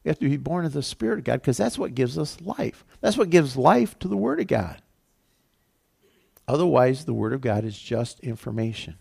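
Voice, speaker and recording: A man's voice: mid-range voice, sing-song, moderate pace, gravelly, dark tone, slightly rough. A man, a pastor, giving a casual, conversational sermon with lots of fillers.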